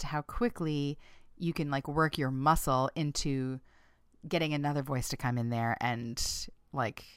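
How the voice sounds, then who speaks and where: A woman hosting a casual self-help talk for listeners, playful and frank, laughing often and jumping in pitch when she acts out quoted lines. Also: fairly bright tone, clean tone, no room sound, studio quality. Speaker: podcast host.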